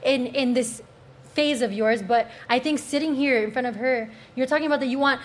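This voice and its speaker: A woman's voice: sits high, brisk. A woman on a podcast panel, reproaching a guest over his respect toward women. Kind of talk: heated panel debate.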